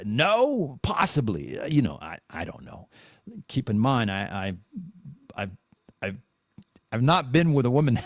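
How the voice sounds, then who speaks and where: A man in his forties hosts a podcast, rambling through a candid, self-deprecating confessional monologue full of swearing and restarts. His voice is on the high side, captured as a dry, clean studio recording.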